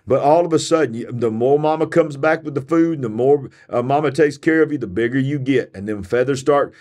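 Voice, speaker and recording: A man's voice: medium pitch, fairly quick, a little mellow. A man delivers a sermon-style podcast with fiery, emphatic conviction and leans hard on repetition. His voice sounds tired, yet he keeps pushing forward like a preacher in full flow. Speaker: preacher and show host.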